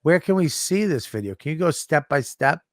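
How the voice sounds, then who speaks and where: A man co-hosting a podcast, his pitch swinging widely as he reacts with profane, wide-eyed amazement. He talks in loose, casual banter. The sound is dry and close. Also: brisk, no echo. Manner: animated, profane, easily amazed. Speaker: podcast co-host.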